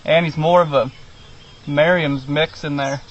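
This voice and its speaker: A man's voice: on the high side, a little slow. Young man telling a hunting story. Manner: animated storyteller, acts out quotes. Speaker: hunter, son. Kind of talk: casual outdoor recounting. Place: outdoors in rural fields. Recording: dull outdoor audio, faint field noise. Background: crickets and insects.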